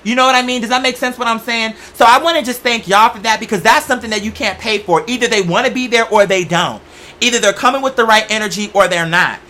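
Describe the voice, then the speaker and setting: A man's voice: high voice, quick pace, bright, forceful tone. A young man hosting a show, talking in a sassy, campy, profane comedic monologue. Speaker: show host.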